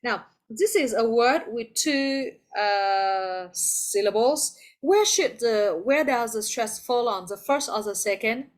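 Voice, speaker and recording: A woman with a Vietnamese accent teaches an English class over video call, patiently encouraging her students and calling on them by name. Her voice sits on the high side, and she speaks slowly with few pauses.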